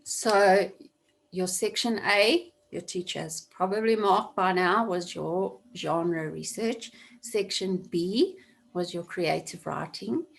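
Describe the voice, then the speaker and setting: A woman's voice: on the low side, slow, vocal fry. A woman teaching an online class over a video call, explaining a task step by step and repeating key points for emphasis. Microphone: computer mic on video call.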